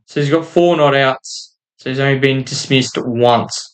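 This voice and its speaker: A man's voice: mid-range voice, steady tone, unhurried. A man giving casual commentary while reading out game results, stumbling over names and making self-deprecating asides. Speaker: gaming YouTuber.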